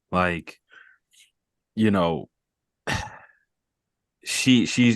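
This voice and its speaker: A man's voice: sits low, fairly bright tone, dry recording, studio quality. A man hosting a mental health group call, talking earnestly and rambling, repeating words and laughing off his emotions.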